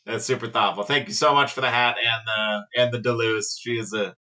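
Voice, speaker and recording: A man co-hosting a casual reselling livestream, talking calmly and warmly thanking a viewer for a gift. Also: mid-range voice, a little fast. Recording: distant from the mic.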